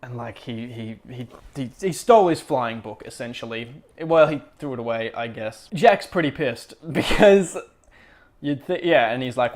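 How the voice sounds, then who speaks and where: A man's voice: mid-range voice, lively intonation, moderate pace. A man hosting a casual spoken book review show, rambling and chatty, with lots of fillers, self-corrections and wry, amused asides.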